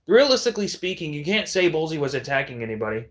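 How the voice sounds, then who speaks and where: A man's voice: sits high, animated, fast talker, hardly any pauses, sharp tone. A man delivering a heated, profane, combative callout rant on a livestream.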